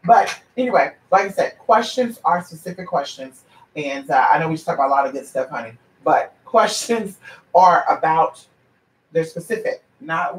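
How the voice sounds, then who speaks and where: Man, high-pitched, sassy and profane, blunt advisor rant, off-mic, roomy echo. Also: lively intonation, normal speed, distant mic. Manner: brassy, profane, sassy and preachy. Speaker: paid advisor answering viewer questions. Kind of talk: blunt ranting monologue. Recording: echoey room, away from the mic.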